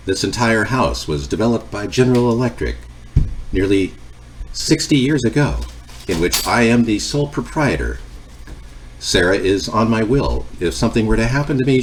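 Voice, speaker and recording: Rambling male cooking-stream host, low and lively, chatty, home kitchen, faint noise. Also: normal speed. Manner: rambling, jumps between cooking and chat replies. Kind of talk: casual live-stream chat.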